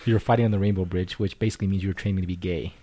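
A man's voice: deep voice, fairly even intonation, racing, mellow, slight background noise. A man co-hosting a podcast in casual chat, firing off questions and crude jokes. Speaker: podcast co-host.

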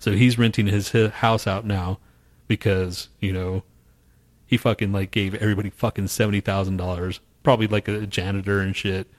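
A man's voice: fairly low pitch, flat delivery, a little fast. A man co-hosting a podcast, chatting casually and swearing a lot while telling a story and acting out quotes. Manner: swears constantly, acts out quotes with laughs. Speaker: podcast co-host. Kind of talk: casual profane chat.

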